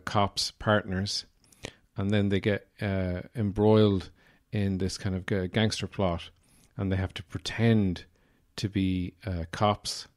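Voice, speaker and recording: Irish male podcast host, lowish voice, casual rambling delivery, filler-heavy, dry self-mocking humor. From Ireland. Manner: rambling and digressive, many "uh" fillers; wry, self-deprecating humor. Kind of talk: casual solo podcast talk.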